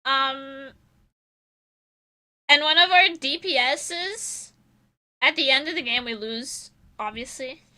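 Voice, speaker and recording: A young woman chats casually on her stream, self-mocking and swearing freely. Her voice sits high and bright, and she talks at an unhurried pace. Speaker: vtuber streamer.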